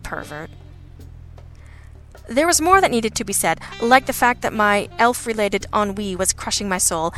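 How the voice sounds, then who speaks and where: A woman narrates a story in the first person with a dry, sardonic wit. Her voice is bright and forward, and faint music sits under the reading. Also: mid-range voice. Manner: wry and sardonic. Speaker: audiobook narrator.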